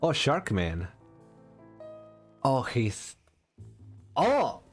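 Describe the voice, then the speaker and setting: A man's voice: mid-range voice, huge pitch swings, drawn-out words, faint music behind. A man streaming a game, giving playful, casual commentary and reacting as he reads game text aloud. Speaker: VTuber streamer.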